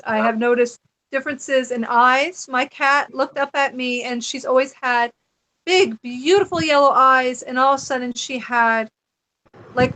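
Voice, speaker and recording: A middle-aged woman telling a personal story as a podcast guest, animated and chatty, often laughing. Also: high-pitched. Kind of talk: casual storytelling chat.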